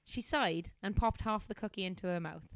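A woman's voice: medium pitch, moderate pace, no echo. A young woman, a comedian and scientist, casually reading a novel aloud on a podcast, giggling and breaking off to comment. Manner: giggly, self-interrupting.

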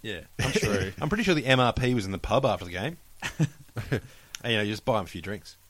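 An Australian man trades wisecracks on a podcast panel and swears freely. His pitch moves in a lively, animated way throughout. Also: fast, dry recording. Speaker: contestant. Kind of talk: casual banter.

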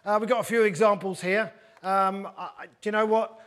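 Male panel host, very high voice, rambling and self-mocking. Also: steady tone, fairly quick, a bit bright. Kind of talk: jokey live panel hosting. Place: studio with live audience.

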